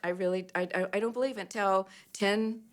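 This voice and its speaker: An older woman in an interview, telling an animated anecdote and acting out the quoted lines with big pitch jumps. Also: fairly quick.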